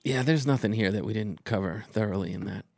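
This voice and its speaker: Man, podcast co-host, low voice, gravelly, relaxed storytelling. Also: fast, no room sound, clean studio sound. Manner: relaxed storyteller, backchannels a lot. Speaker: stand-up comedian, podcast co-host. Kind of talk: casual chat.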